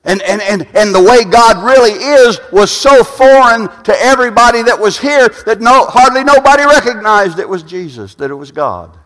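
A man preaching a sermon, often repeating and restarting phrases and building to loud peaks. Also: high voice. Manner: repetitive, restarting phrases, rising to shouts at peaks. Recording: long hall reverb.

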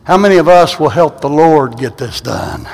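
A man preaching a sermon and leading a congregation, swinging from hushed words to shouts, and his voice is wearing out. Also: on the high side, animated, moderate pace, gravelly, in a large hall. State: losing his voice. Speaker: pastor. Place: church sanctuary.

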